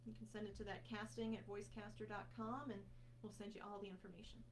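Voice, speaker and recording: A woman's voice: mid-range voice, fast talker, noisy background. A woman co-hosting a casual live question-and-answer session, answering plainly and practically. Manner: relaxed, practical, gives direct answers. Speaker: casting director co-host.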